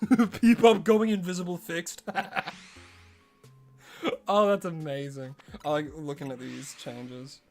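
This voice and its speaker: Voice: mid-range voice, fairly even intonation, slow, a little mellow, soft background music. An Australian streamer giving casual live-stream commentary, chatty and playful, laughing often.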